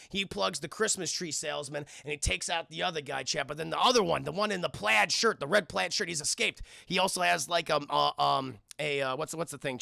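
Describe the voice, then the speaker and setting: A man recapping a film on a live stream in an animated, profane way, constantly talking to his chat. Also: a little high, creaky, no echo, clean studio sound.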